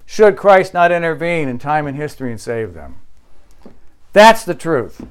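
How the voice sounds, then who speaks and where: A male pastor preaching a sermon, with emphatic insistence that drops to quiet, low asides. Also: big pitch swings, normal speed, clean tone.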